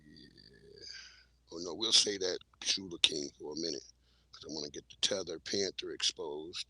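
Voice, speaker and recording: A man's voice: sits low, moderate pace, pushed and bright, slightly rough, dry recording, rough recording. A man hosting a livestream, chatting casually in blunt slang while he plays clips. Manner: slangy, blunt, laid-back. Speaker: livestream host. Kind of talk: casual commentary.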